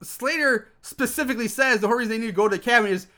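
A man with a high, bright voice recaps a film in a loose, rambling way. He swears freely, laughs often and slips into quick impressions of the characters. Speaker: podcast co-host recapping a film. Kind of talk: casual movie recap chat.

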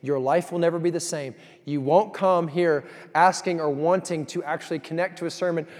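A man preaches, his voice sitting a little high. He tells his stories with energy, swinging from loud bursts to hushed asides. The sound carries a long reverb of a big hall. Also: steady tone, normal speed. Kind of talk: sermon.

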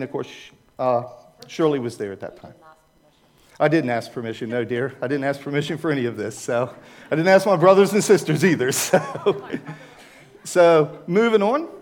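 An older American man with a Maryland accent, giving a chatty, informal talk with slides to a church group. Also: fairly high pitch. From United States. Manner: chatty, digressive, asks the audience for agreement.

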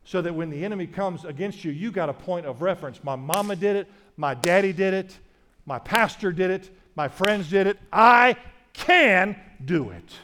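A man's voice: sits high, brisk, a little hiss or hum. A middle-aged man pastor preaching an emphatic sermon, repeating key phrases and restarting sentences.

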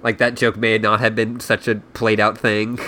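A man's voice: fairly low pitch, level tone, moderate pace, sharp tone, a little hiss or hum. A man hosting a podcast, reading a story aloud and then chatting loosely with many fillers. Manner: loose, filler-heavy talk with lots of "like". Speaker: podcast host. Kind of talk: casual chat and reading aloud.

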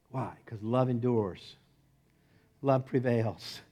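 A middle-aged male pastor delivering a sermon in a slightly high voice. He moves between loud, emphatic commands and quiet, hushed phrases, often laughing between points. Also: measured pace, soft background music. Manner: animated, swings from loud emphasis to soft near-whisper, laughs often.

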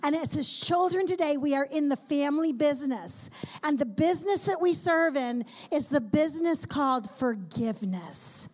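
High-voiced woman preaching emphatically. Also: animated, moderate pace. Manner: emphatic, repetitive lists, talks to the audience. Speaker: conference speaker. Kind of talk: sermon. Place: conference hall before a live audience.

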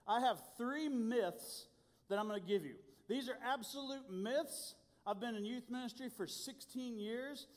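A youth pastor from Indiana preaching a sermon, telling stories in an animated, self-deprecating way. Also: male voice, high-pitched. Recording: long hall reverb.

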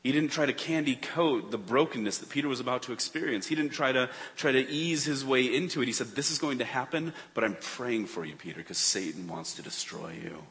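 A man preaching a sermon in a church, earnest, swinging between urgent emphasis and hushed tones. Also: medium pitch, brisk, few pauses. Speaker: pastor. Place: church sanctuary. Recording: long reverb of a church hall.

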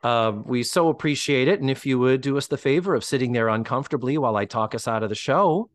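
A man hosting a podcast in casual chat, animated and swearing freely as he acts out quotes. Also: mid-range voice, fast talker, no room sound. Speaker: podcast host.

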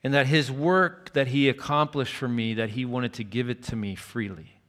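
A male pastor tells a personal story from the pulpit in a mid-pitched, everyday voice. He preaches earnestly, sometimes falling to a hushed near whisper when he quotes someone. His words ring out with a long reverb, as in a large church hall. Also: fairly even intonation, moderate pace. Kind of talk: sermon.

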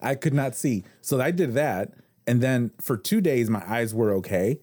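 Man, forties, podcast host; mid-pitched, easygoing storyteller who laughs at his own mishaps. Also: expressive, normal speed, darkish tone. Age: 40s. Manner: easygoing storyteller, chuckles at himself. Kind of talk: casual chat.

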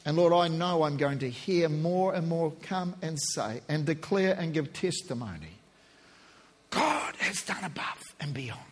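A man preaching as a pastor, rising to shouts and slowing into hushed prayer. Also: fairly high pitch, expressive. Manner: impassioned, shouting at peaks then slow and hushed in prayer. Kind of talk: sermon and prayer.

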